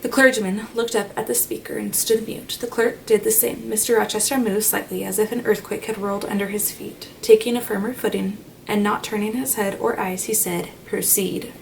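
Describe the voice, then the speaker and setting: A woman reads a classic novel aloud in a measured, expressive style. Her medium-pitched voice has a gravelly creak. The mic sits a little distant, with faint noise in the background. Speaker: audiobook narrator.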